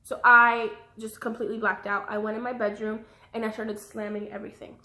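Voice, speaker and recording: A woman's voice: fairly high pitch, little pitch movement, a little fast, bright, forceful tone. Rambling young woman in an echoey room. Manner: rambling, jumps between thoughts, apologetic asides. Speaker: vlogger. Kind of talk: personal storytelling vlog.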